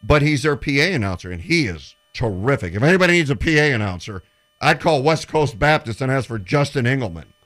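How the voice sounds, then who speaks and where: Lively storytelling man on the radio. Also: mid-range voice, fairly quick. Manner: animated storyteller who acts out quotes. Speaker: sports broadcaster telling stories. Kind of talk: casual radio show chat.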